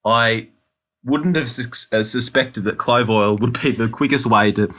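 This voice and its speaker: A man's voice: mid-range voice, measured pace, a bit bright. An Australian man co-hosting a casual podcast, telling a work story with laughs and swearing. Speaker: podcast co-host. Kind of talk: casual chat.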